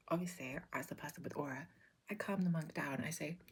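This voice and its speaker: A woman telling an absurd deadpan story in a whispered role-play, her breathy whisper slipping between voices. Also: low voice, fast talker. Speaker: ASMR creator.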